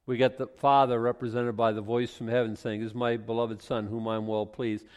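A man's voice: medium pitch, little pitch movement, brisk, darkish tone, smooth, lo-fi sound. A man giving informal verse-by-verse Bible teaching in a conversational way, often restarting and adding asides. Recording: long hall reverb.

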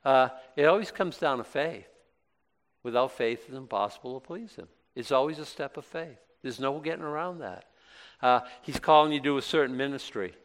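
A man's voice: mid-range voice, normal speed. A man giving a sermon as pastor, conversational and emphatic, asking questions and answering them himself. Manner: conversational, rising to emphatic bursts then dropping soft.

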